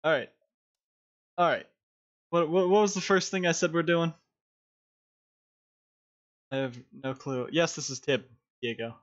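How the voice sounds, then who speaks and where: A man's voice: on the high side, a little slow, long pauses. Man, stream host, headset, chatty and giggly, muffled lo-fi voice-chat sound. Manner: laughs often, rambling. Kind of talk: casual live-stream chat.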